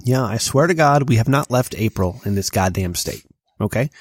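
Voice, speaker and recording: A man's voice: lowish voice, lively intonation, normal speed, no echo, studio quality. A man in his thirties from Connecticut, co-hosting a casual podcast from his home basement and ranting in an exasperated, profane way. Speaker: podcast co-host.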